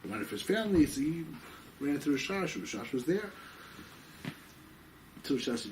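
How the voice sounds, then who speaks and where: A man teaching a rabbinic class, racing through stories and leaping up in pitch whenever he acts out a character. His voice sits a little high and swings widely. It is recorded from a distance, with a faint hum behind it. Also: fairly quick, long pauses. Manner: excitable, acts out quoted people with sudden jumps in pitch; sprinkles in Yiddish and Hebrew terms. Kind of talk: animated storytelling Torah class. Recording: distant mic with faint background noise.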